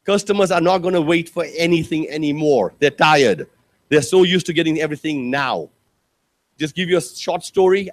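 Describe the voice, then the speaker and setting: A man giving a conference keynote, telling stories with lively, acted-out quotes and asking the audience questions. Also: normal speed. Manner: animated storytelling, acts out quotes with big pitch jumps; addresses audience directly, rhetorical questions. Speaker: keynote speaker. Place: conference hall.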